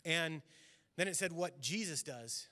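A man preaching in a church sanctuary, his voice a touch high for a man. He speaks earnestly, building to louder, lifted peaks on key phrases and then settling quieter. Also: expressive, unhurried. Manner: earnest, swelling emphasis on key lines. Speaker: pastor. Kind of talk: sermon.

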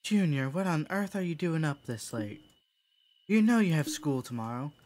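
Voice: medium pitch, lively intonation, slow, pitched above the performer's own voice. A streamer voicing a weary folksy mother. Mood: scolding. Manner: folksy drawl, singsong chanting. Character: tired hardworking southern-style mother. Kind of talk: game voice acting.

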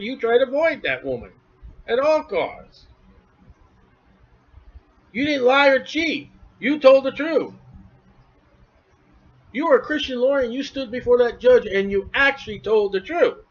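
A man preaching through scripture verse by verse, animated, with quick asides to the congregation and acted-out voices. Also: sits high. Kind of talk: expository sermon. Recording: dull lo-fi church recording.

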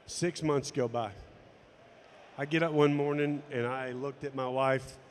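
A man's voice: medium pitch, steady tone, measured pace, big-room sound, slight background noise. A man telling a personal story to camera, acting out the dialogue as he goes. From United States. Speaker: golf instructor and former tour pro.

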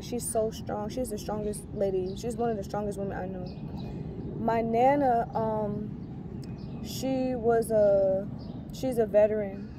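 There's background noise as a heavily pregnant young faith vlogger tells her testimony in a casual video. Her voice is mid-range, and she rambles earnestly, full of fillers and restarts.

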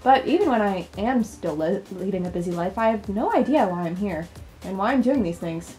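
A woman reads lines for a game character, a tired, overworked young college student, delivering them plainly and quietly. Her mid-range voice is warm and fairly quick with lively intonation, sounds much like everyday speech, and has soft music underneath.

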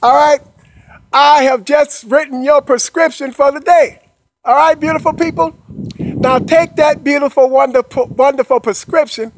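A man giving an upbeat motivational monologue. He talks in a repetitive, coaxing way, checks in with listeners after almost every phrase, and laughs playfully between points. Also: very high voice. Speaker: motivational speaker.

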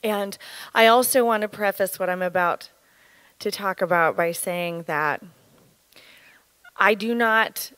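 A woman in her thirties giving an earnest, candid personal testimony as a church speaker, speaking in a measured way. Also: fairly low pitch, a bit bright, dry recording, low-quality recording.

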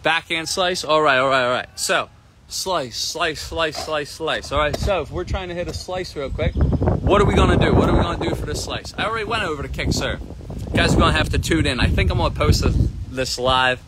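A man teaching a tennis lesson on a live stream from an outdoor court, energetic and repetitive, often asking "right?". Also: a little high, a little fast, heavy background noise. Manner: energetic, repeats himself, keeps asking "right?". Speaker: tennis coach.

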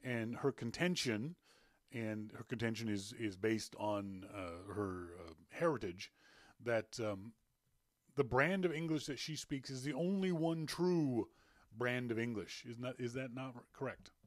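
A man's voice: medium pitch, lively intonation, unhurried, no room sound, studio quality. A man from North America hosting a casual podcast, chatty and playful, with frequent restarts. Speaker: podcast host. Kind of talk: casual chat.

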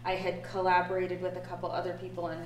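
Female director, measured and diplomatic, distant mic in an echoey room. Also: on the low side, monotone, a little hiss or hum. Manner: measured and diplomatic, thinks aloud with ums. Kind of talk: casual chat.

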